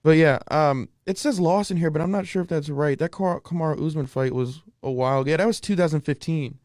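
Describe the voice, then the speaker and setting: A man's voice: on the high side, brisk, a little mellow, no echo, clean studio sound. A man co-hosting a sports podcast, chatting casually and rambling through stats with many restarts. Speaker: podcast co-host. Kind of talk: casual chat.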